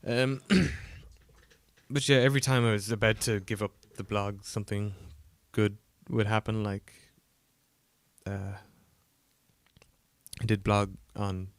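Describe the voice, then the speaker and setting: A man with a low, gravelly voice, croaky from a coming cold, talks casually through his game code on a livestream. He rambles with fillers and self-deprecating asides. The sound is dry and close, with no room around it. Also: steady tone, takes it slowly, pauses often, no room sound. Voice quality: gravelly, lower than usual. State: croaky, getting a cold, yawning. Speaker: indie game developer streaming his work. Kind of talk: casual livestream commentary while coding.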